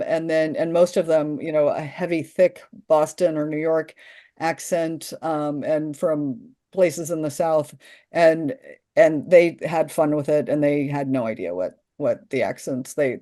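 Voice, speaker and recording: Woman, trainer, chatty, enthusiastic, mellow tone, slightly low pitch. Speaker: workshop trainer. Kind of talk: casual group discussion.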